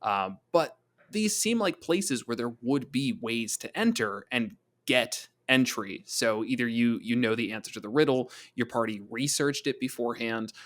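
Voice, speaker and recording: A man co-hosting a podcast about tabletop games, talking in an easy, conversational way. He thinks out loud and sometimes slips into quick voices for his players. His voice sits at an ordinary middle pitch. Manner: thoughtful, chatty, acts out quick quoted voices. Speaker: podcast co-host discussing tabletop monsters. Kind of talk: casual discussion of game design.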